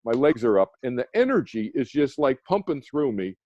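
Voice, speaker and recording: A man's voice: mid-range voice, big pitch swings, brisk, mellow, dry recording. Earnest man telling a story over a dull line. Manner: earnest, rambling, many restarts and "you know"s. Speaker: guest, meditation teacher. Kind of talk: personal storytelling in a radio interview. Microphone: phone or video call.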